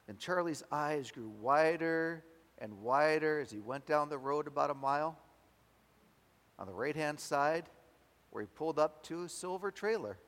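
A man preaching a sermon, telling a story with dramatic swings between loud and soft. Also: a little high, lively intonation, measured pace. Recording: long hall reverb.

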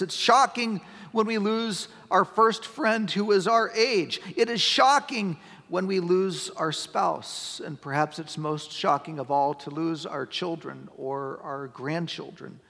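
A middle-aged male pastor delivers a sermon in a high, gravelly voice. He moves from easy, conversational talk to emphatic, near-shouted lines. The sound carries a long reverb from a church sanctuary.

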